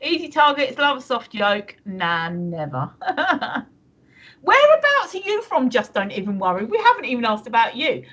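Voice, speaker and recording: A woman's voice: fairly high pitch, very animated, moderate pace, fairly bright tone, lo-fi sound. A woman from the UK co-hosting a live stream, chatting casually and rambling with many restarts. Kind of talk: casual chat reading viewer comments.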